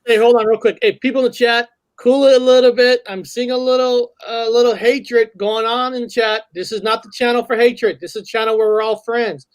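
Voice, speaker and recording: A man's voice: extremely high pitch, steady tone, brisk, few pauses, clear, resonant tone. A man hosting a livestream, firmly addressing his chat. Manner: firm, addressing the chat directly. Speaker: host.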